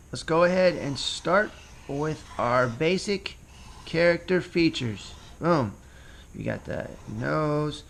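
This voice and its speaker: Gravelly man teaching cartooning to kids. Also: fairly high pitch, slight background noise. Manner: relaxed, ad-libbing as he draws. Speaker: drawing teacher. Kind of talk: casual drawing tutorial.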